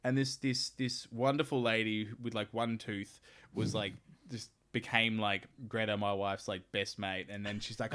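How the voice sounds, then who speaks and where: A man's voice: lowish voice, little pitch movement, normal speed, fairly bright tone. A man hosting a podcast, telling jokey anecdotes in casual chat. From Australia. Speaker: podcast host.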